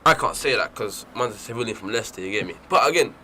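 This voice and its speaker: A young man co-hosting a radio talk show, joking fast and stumbling over his words. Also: on the low side, lively intonation, background noise. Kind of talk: casual banter.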